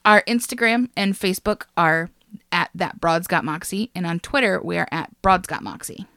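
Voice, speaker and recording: Bright-voiced excitable woman podcaster. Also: fairly low pitch, moderate pace, dry recording, clean studio sound. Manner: gushing, excitable, swears casually. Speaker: podcast co-host. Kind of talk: casual podcast chat.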